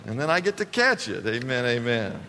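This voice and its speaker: A man's voice: mid-range voice, big pitch swings, a little fast, background noise. A man preaching a sermon to a congregation, emphatic and repetitive, asking the people to respond. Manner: emphatic preaching, repeats phrases, asks the congregation. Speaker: pastor. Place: church sanctuary. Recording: long reverb of a church hall.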